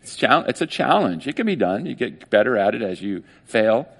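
A male pastor preaching a casual sermon, animated and conversational, often acting out little quoted voices. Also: medium pitch, moderate pace, vocal fry, husky.

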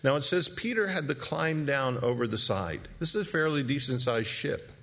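A man's voice: medium pitch, normal speed, vocal fry. A man preaching a sermon, telling the scene vividly with rhetorical questions and acted-out moments. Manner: animated storytelling, acting out scenes with rhetorical questions.

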